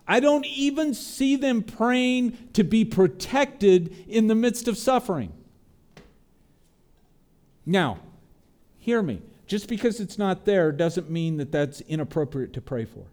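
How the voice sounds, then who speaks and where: Man, pastor, sermon, earnest preaching, warm mellow tone, slightly high voice. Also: animated, slow pace. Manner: earnest preaching, voice dropping low and soft then rising on prayers.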